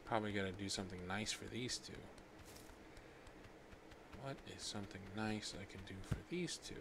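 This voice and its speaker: A man's voice: on the low side, moderate pace, pauses often. A man streaming a game, with playful casual commentary, chatting to viewers and muttering asides to himself. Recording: noisy stream recording.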